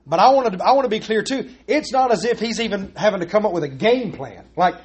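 A man preaches from the pulpit, his voice pitched high for a man. He is earnest and emphatic, pressing his points home and leaning on rhetorical questions. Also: expressive, fast. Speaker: pastor. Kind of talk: sermon.

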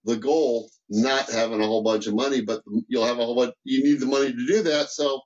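A man speaking as a guest business mentor in a casual interview, animated and full of restarts and repeated words. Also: mid-range voice, a little fast, muffled recording.

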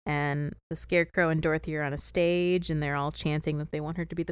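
A woman's voice: sits low, flat delivery, quick pace, smooth, no echo, clean studio sound. A woman in casual chat, retelling a film's plot step by step and laughing often. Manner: chatty plot recap, giggly. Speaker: podcast co-host recapping a film.

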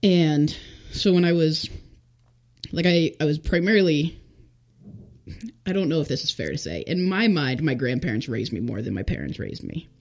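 A woman's voice: low-pitched, lively intonation, moderate pace, vocal fry, a little mellow. A young woman telling her life story as a guest in a casual interview, chatty and full of fillers, acting out what people said. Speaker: podcast guest.

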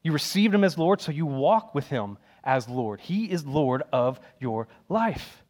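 A man's voice: on the high side, expressive, unhurried, a little mellow. A man preaching a sermon in an emphatic, conversational way, repeating key phrases.

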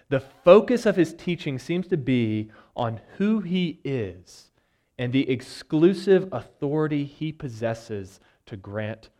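A man who is a church elder, preaching an expository sermon in a conversational, teaching tone, often pausing on "uh" and "um" and giving the people in the story lively voices. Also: medium pitch. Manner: conversational teaching, retells scripture scenes with lively quoted voices; frequent "uh" and "um" fillers.

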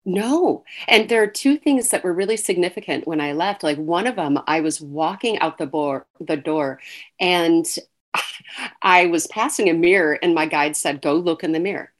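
A woman's voice: fairly low pitch, lively intonation, measured pace. A woman, an author and guest, telling her story in a casual interview, acting out dialogue and laughing between phrases.

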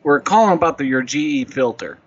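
A man hosting a radio prank show, calm, stubborn and deadpan. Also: mid-range voice, fairly quick, husky, muffled recording.

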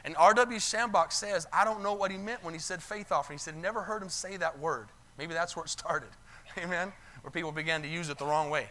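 A man's voice: on the high side, a little fast, pushed and bright, a little hiss or hum. A male pastor preaching a sermon to his church, telling a story with quoted lines and calling out for amens. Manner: retells stories in quoted voices, calls for amens. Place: church sanctuary.

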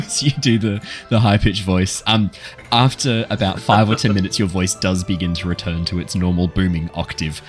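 A man's voice: low voice, steady tone, moderate pace, faint music behind. A man, the dungeon master of a tabletop game, narrating vividly and laughing often.

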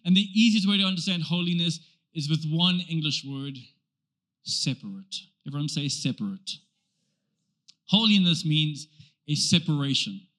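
A man preaching a sermon to a church, animated and emphatic, driving points home with repetition. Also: high voice. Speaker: pastor.

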